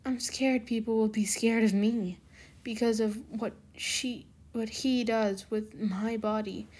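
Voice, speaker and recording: A woman's voice: on the high side, steady tone, slow pace, a little mellow, slightly rough. A woman voicing a young teenage superhero girl in a fan fiction reading, speaking in raised, heated lines. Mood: weary. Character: young teen superhero girl, angry and upset.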